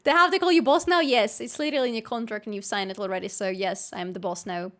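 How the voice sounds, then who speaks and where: A young woman, chatting casually with her live stream viewers, playful and quick to break into squealing laughter. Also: medium pitch, noisy background. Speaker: livestreamer.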